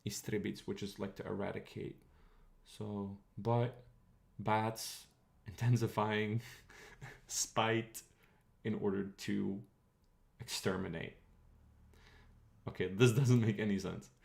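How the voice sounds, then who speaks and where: Young male streamer, low and gravelly, slow, halting, thinks out loud. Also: fairly even intonation. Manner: thinking aloud, halting, reads words out slowly, asks the chat. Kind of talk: casual livestream, translating an old text.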